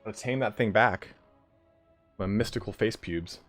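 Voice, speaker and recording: A man's voice: fairly low pitch, normal speed, fairly bright tone, faint music behind. A man hosting a live stream, chatting casually with viewers in a joking, profane way. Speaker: livestream host of a game league.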